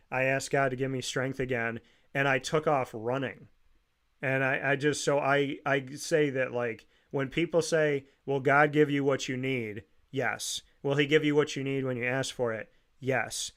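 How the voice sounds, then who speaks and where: A man's voice: mid-range voice, steady tone, moderate pace, fairly bright tone, smooth. A man hosting an interview, telling a personal story in a casual, earnest and reflective way, often restarting his sentences. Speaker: podcast host.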